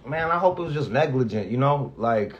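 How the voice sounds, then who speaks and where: A man's voice: medium pitch, animated, a little fast, muffled recording. Rambling, profane man saying goodbye. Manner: rambling, profane, restarts often; emotional, near tears at times. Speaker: radio host. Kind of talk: casual spoken farewell message.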